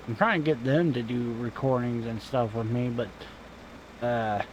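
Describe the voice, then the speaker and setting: A man's voice: mid-range voice, steady tone, normal speed, lo-fi sound, noisy background. A man giving casual, rambling commentary over a farming game, offhand and self-deprecating, swearing now and then. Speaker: gaming channel host. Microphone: desk microphone at home.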